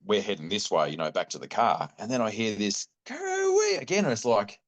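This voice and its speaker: A man's voice: on the low side, a little fast, hardly any pauses. Middle-aged Australian man spinning a yarn. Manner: animated yarn-spinning, acts out quotes, laid-back slang. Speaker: podcast guest, bowhunting club chairman. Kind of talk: casual storytelling interview.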